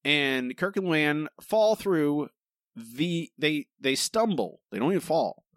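Lively, dry-voiced podcast host. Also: male voice, on the high side, takes it slowly, no echo. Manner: animated, rambling with restarts, addresses co-host by name. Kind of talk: casual podcast recap chat.

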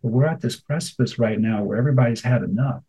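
A middle-aged man co-hosting a radio talk show, chatting and telling animated stories, sometimes slipping into a grandfatherly voice. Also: mid-range voice, fast, husky, poor audio. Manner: animated storyteller, slips into a warm grandfatherly voice. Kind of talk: casual chat.

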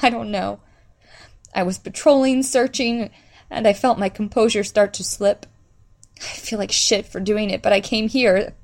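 A woman reading a distraught mother, halting and close to tears. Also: medium pitch, fairly even intonation, creaky, natural voice. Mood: strained. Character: distraught middle-aged mother searching for daughter.

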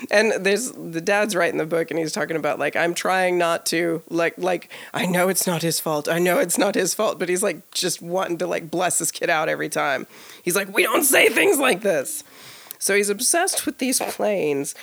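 A woman with a gravelly, creaky voice co-hosts a podcast, spinning a story in a loose, lively way. She sits a little low in her range and leans hard on "like" fillers. She acts out the quoted lines as she goes. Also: normal speed. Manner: animated, laughing, lots of "like" fillers, acts out quoted dialogue. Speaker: podcast co-host. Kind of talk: casual storytelling. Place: live podcast taping before an audience.

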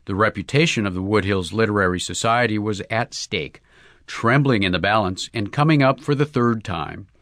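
A man narrating a humorous short story in a lively, character-driven reading. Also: on the low side, moderate pace, dry recording, clean studio sound.

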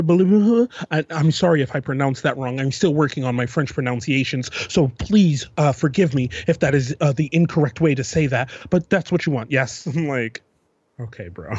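A man's voice: a little high, no echo, dull audio. A man co-hosting a podcast, rambling through a profane, laid-back story in casual chat. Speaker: podcast co-host.

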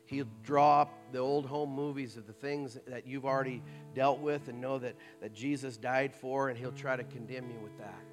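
A man preaching a sermon in a conversational way, dropping into soft mocking asides. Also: medium pitch, fairly even intonation, normal speed, hardly any pauses, faint music behind. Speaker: pastor.

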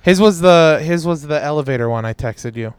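A man's voice: on the high side, lively intonation, a little fast, clean tone, no room sound. A young man co-hosting a podcast, easygoing and laughing along in casual chat as he tells a story. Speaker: podcast co-host.

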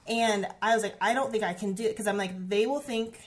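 A woman in her thirties speaks in earnest conversation, her voice sitting at a middling pitch. She stumbles and restarts often, peppering her story with "like" and "um". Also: brisk. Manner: earnest, heavy use of "like" and "um", many restarts. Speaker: guest sharing a personal story.

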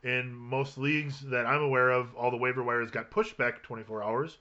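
Male podcast host, mid-pitched, bright tone, dry wit, dull lo-fi recording. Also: steady tone, moderate pace. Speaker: host of a fantasy football podcast. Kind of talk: casual chat.

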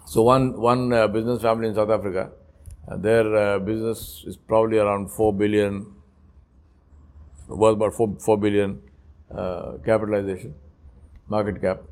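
A man delivering a religious lecture to young men. He is emphatic and repeats his points, drops to quiet asides, then rises to loud, pointed lines. He asks rhetorical questions throughout. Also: fairly low pitch, level tone, normal speed, long pauses. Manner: storytelling with repeated phrases. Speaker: Islamic lecturer.

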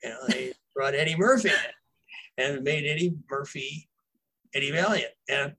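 A man's voice: fairly high pitch, moderate pace, bright, forceful tone, a little hiss or hum, poor audio. A man, a novelist guest, telling casual behind-the-scenes stories in a rambling way, with fillers and restarts. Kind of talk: casual storytelling.

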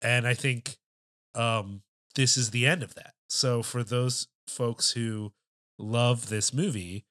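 A man's voice: mid-range voice, fairly even intonation, fairly bright tone, no room sound, clean studio sound. A man co-hosting a film podcast in casual discussion, thinking aloud with restarts and casual swearing. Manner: thoughtful, halting, many restarts and fillers, swears casually. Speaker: podcast co-host.

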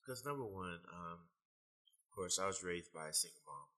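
A young man being interviewed, telling animated stories and laughing often in casual talk. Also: low voice, brisk, poor audio. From United States. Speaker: guest, fitness trainer.

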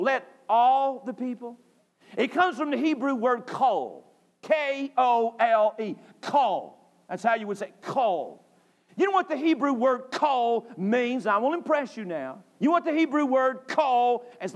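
A man from North Carolina, preaching a sermon emphatically, repeating phrases and rising to shouts. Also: very high voice, animated, moderate pace. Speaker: pastor. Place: church sanctuary.

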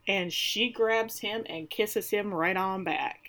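A woman's voice: medium pitch, measured pace. A woman in casual conversation, animatedly retelling a show's plot and acting out the characters' lines. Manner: animated, acts out the characters' lines in dramatic voices. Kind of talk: casual recap chat.

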